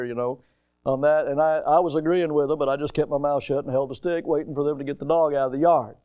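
A man preaching a sermon with animated storytelling, often repeating words as he starts a thought. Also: fairly high pitch, quick pace, clear, resonant tone.

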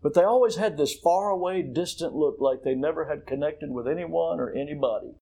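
A man preaching a sermon, telling stories and moving from hushed tones to loud, emphatic questions. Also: fairly high pitch, fairly quick, vocal fry, rough recording. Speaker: pastor.

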